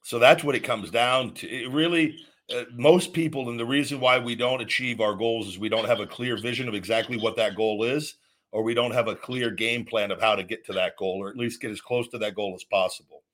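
A man's voice: mid-range voice, fairly even intonation, fairly quick, a bit bright. A man hosting a call-in podcast, giving blunt, rambling fitness advice in a casual, teasing way. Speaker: podcast host.

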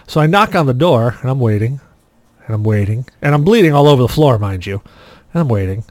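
A man co-hosting a podcast, telling stories in a loose, animated way and acting out what people said. His voice sits at a middle pitch. It sounds dry and close, with no room sound. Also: fairly quick, no room sound. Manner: animated anecdote-telling, acts out quotes. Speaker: podcast co-host. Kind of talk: casual chat, storytelling.

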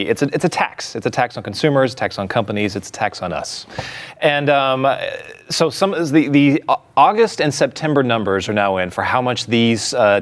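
A man co-hosting a political talk show, explaining things casually with lots of fillers. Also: fairly low pitch. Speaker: co-host.

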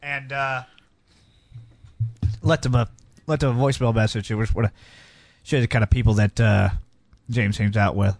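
A man's voice: medium pitch, fairly even intonation, normal speed, pauses often, no echo, faint music behind. A man hosting a radio show, joking and laughing in casual banter with his co-hosts. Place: radio studio. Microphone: studio mic.

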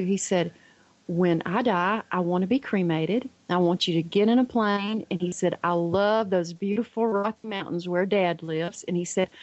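A middle-aged woman, a guest on a radio show, tells family stories warmly and acts out the voices of the people in them. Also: fairly low pitch, normal speed, dry recording, dull audio. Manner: animated storyteller who acts out the quoted voices.

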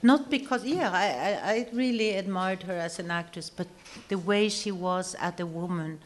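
An older actress telling a stage anecdote to an audience, acting out quoted lines and laughing often. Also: female voice, fairly low pitch, moderate pace. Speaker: guest actress telling a story.

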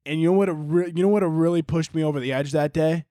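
A man's voice: on the high side, fairly even intonation, fast, warm tone, dry recording, studio quality. A young man hosting a solo podcast, rambling casually, swearing often and laughing at his own jokes. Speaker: podcast host.

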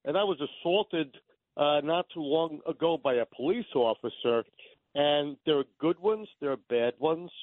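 Male call-in listener, halting storyteller, heard over a thin phone line. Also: fairly high pitch, animated, no echo. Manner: rambling, stammering, storytelling. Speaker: caller. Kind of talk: call-in radio chat.

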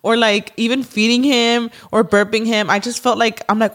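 A woman in her thirties hosting a podcast, chatting casually and rambling excitedly with many fillers. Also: on the high side, normal speed. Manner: gushing, rambling, lots of "like" and "y'all". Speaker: podcast host. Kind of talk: casual chat.

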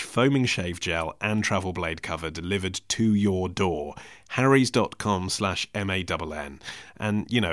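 A man's voice: lowish voice, a bit bright, no room sound. A man hosting a podcast, chatting casually with dry, self-deprecating humour and reading ads in the same easy way. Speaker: podcast host. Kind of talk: casual podcast monologue with host-read ads.

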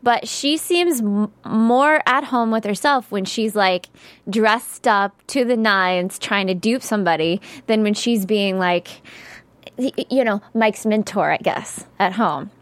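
A woman's voice: mid-range voice, measured pace, no echo. A woman from the American South chatting casually about a TV episode, thoughtful, with fillers and small stammers. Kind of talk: casual TV recap chat.

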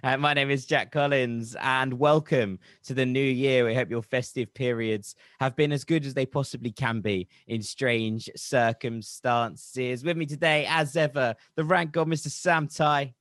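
A man's voice: medium pitch, steady tone, unhurried, few pauses, a bit bright, dry recording, clean studio sound. A man hosting a casual football podcast, reciting a rhyming poem and then bantering and laughing with his co-hosts. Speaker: podcast host.

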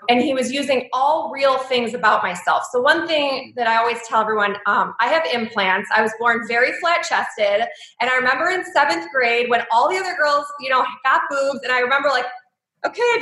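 A woman in her thirties tells her own story in an interview, open and heartfelt, her talk full of likes and ums. Her voice is bright and forward and sits a little high. The room around her rings with echo. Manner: candid, emotional, speaks with many likes and ums. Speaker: guest.

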